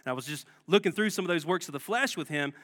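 In a church sanctuary with long hall reverb, a guest pastor preaches a sermon in a conversational way, putting rhetorical questions to the congregation. His voice is a little high and fairly bright, and he talks fast and expressively.

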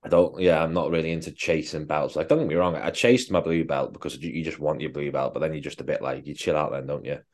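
A man's voice: rumbling low, fast talker, few pauses, darkish tone. A man co-hosting a podcast, a fitness coach chatting casually and swearing bluntly. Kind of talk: casual chat.

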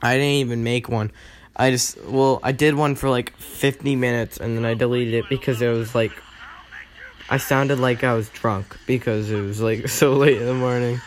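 A man's voice: medium pitch, normal speed. Rambling young man narrating mobile gameplay. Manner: rambling, self-mocking, excitable outbursts. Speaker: mobile game player. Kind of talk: casual gameplay commentary. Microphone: phone.

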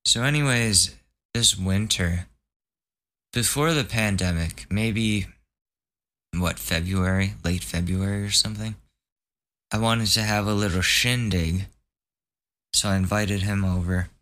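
Young man, podcast host, lowish voice, casual rant, profane, exasperated. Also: a little slow, pauses often, fairly bright tone. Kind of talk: casual ranting monologue.

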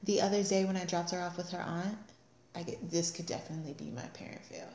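A woman telling stories about her toddler in a casual, animated way, laughing often. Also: fairly low pitch, fast, echoey room. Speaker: mom. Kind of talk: casual chat.

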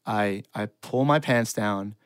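A man's voice: fairly low pitch, takes it slowly, clear, resonant tone, no echo, clean studio sound. A man telling a long, self-deprecating funny story in casual chat. He rambles and laughs often.

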